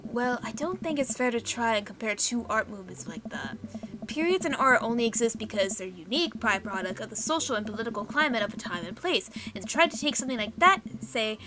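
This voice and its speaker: A woman's voice: a little high, animated, fairly quick, noisy background, natural voice. A woman voicing a passionate, pompous middle-aged male art teacher who lectures in a game. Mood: lecturing. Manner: lecturing, fired up.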